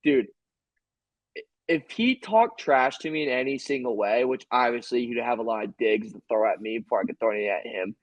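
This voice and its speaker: A man's voice: medium pitch, a little fast, dry recording, dull audio. A man co-hosting a sports podcast, telling rambling, joking stories in casual chat. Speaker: podcast co-host.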